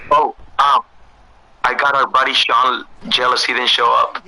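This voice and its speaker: A man with a hoarse voice in loose, laughing casual chat as co-host, swearing freely. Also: mid-range voice, big pitch swings, unhurried, bright, forceful tone, low-quality recording.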